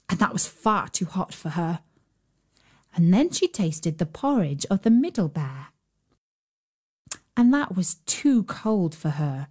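A woman narrating a fairy tale in a gentle, measured storytelling manner. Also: on the low side. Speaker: storyteller host.

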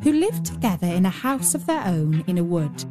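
A woman reading a children's bedtime story aloud as a storyteller, in a gentle, unhurried manner. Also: on the low side, big pitch swings, over music.

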